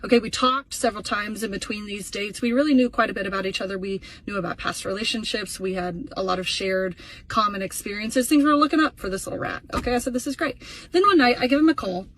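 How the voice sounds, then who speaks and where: A woman telling a comedic story in an exasperated, sarcastic rant with animated asides. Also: medium pitch, quick pace, a little hiss or hum, poor audio.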